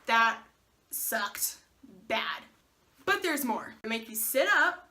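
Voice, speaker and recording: A young woman vlogger telling a personal story in a casual, animated way, acting out the dialogue with laughs and swearing. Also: fairly high pitch, a little slow.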